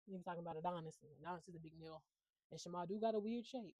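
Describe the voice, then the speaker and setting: Fast-talking woman, blunt and profane. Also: fairly low pitch, mellow, dry recording, rough recording. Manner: blunt, profane, chatty with many fillers. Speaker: reality show recapper. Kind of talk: casual profane recap.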